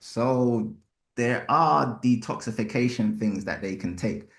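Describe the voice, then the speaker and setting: A man hosting a live podcast, talking bluntly and with animated slang. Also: mid-range voice, measured pace. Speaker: podcast host. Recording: roomy echo.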